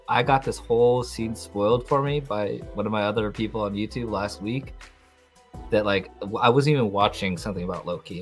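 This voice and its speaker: A young man hosting a podcast, recapping a TV episode in a rambling, excitable way with lots of fillers. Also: on the low side. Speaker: podcast host.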